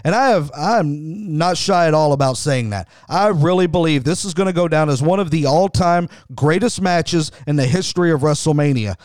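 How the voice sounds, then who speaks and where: A man's voice: a little high, moderate pace, hardly any pauses, a little mellow, no room sound, studio quality. A middle-aged man hosting a wrestling show, giving enthusiastic, conversational commentary with frequent restarts. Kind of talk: podcast commentary.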